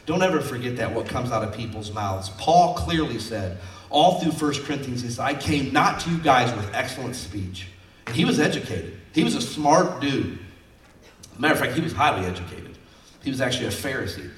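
A man's voice: medium pitch, animated, fairly quick, roomy sound, recorded from a distance. A man preaching a sermon as pastor, folksy and conversational, acting out quotes from his stories.

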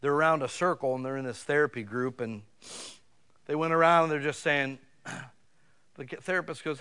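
A man's voice: on the high side, steady tone, moderate pace, pushed and bright, clear, resonant tone. A man preaching a sermon in a folksy, conversational way, talking directly to his listeners with emphatic swells. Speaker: pastor.

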